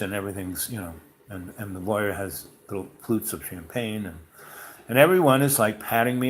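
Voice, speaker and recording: A man hosting a podcast, telling a personal story in a casual, rambling way full of fillers and restarts. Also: on the low side. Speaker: podcast host.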